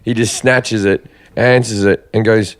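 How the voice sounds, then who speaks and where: Guest comedian from Australia. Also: male voice, fairly low pitch, fairly even intonation, measured pace. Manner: chatty, laughs through stories. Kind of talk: casual chat.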